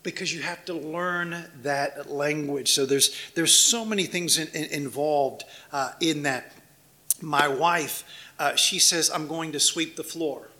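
A man's voice: on the high side, slow, sharp tone. A man from Washington, D.C., a missionary giving a conversational church talk, telling anecdotes, acting out little exchanges and asking the congregation questions.

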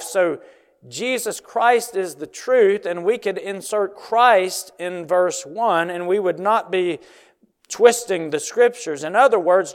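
A man preaching an expository sermon in an earnest, emphatic way, slowing down on key phrases. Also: high-pitched. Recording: long hall reverb.

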